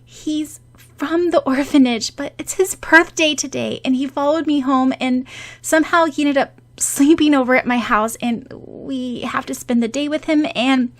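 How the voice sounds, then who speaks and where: A woman voicing a cheerful, excitable young girl heroine who talks in a high, flustered, gushing way. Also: moderate pace.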